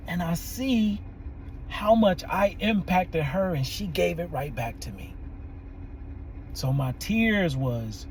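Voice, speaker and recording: Man, therapist telling a story, animated, laughs a lot, higher voice. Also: takes it slowly, a little hiss or hum, low-quality recording. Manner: animated, laughs often, quotes people in their own voices. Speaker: therapist, podcast host. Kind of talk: storytelling monologue.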